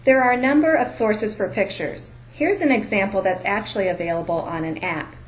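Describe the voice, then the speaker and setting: A woman's voice: mid-range voice, lively intonation, normal speed, few pauses, a little hiss or hum, poor audio. A woman instructor giving a careful, explanatory lecture narration.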